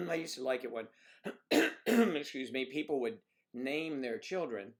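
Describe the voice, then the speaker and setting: An older man with a Southern US accent hosting a casual livestream, chatting with viewers in a rambling way and often clearing his throat. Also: medium pitch, lively intonation, measured pace. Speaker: livestream host. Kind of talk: casual livestream chat reading viewer comments.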